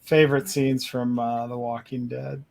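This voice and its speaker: A man's voice: medium pitch, little pitch movement, normal speed, gravelly, crowd noise. A man with an ordinary mid-range voice chats casually on a group art stream. He is laid-back and likes to retell scenes as stories. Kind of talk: casual chat.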